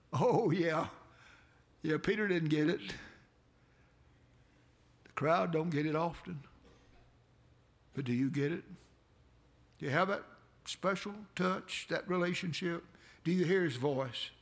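A man preaching a sermon, with dramatic swells that build to near shouts. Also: takes it slowly, pauses often. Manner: dramatic preaching with sudden swells in pitch and loudness.

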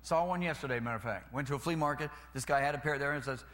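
A man's voice: mid-range voice, very fast, fairly bright tone. A man preaching a sermon in a folksy way, repeating phrases and calling for amens.

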